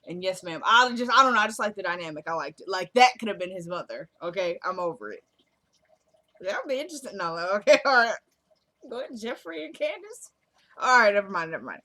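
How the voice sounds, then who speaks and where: A woman's voice: fairly low pitch, animated, fast talker, few pauses, pushed and bright. A woman recapping a TV drama episode in casual chat, retelling scenes through quoted dialogue and gushing about the actors. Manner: gushes, laughs. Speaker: TV episode reviewer.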